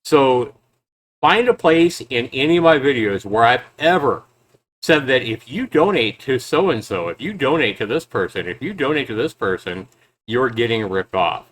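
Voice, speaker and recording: A man's voice: mid-range voice, lively intonation, normal speed, a bit bright, slight background noise. Guy doing a sarcastic reaction vlog, mocking tone, regular mid voice. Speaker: YouTube game reviewer and developer. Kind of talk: reaction commentary.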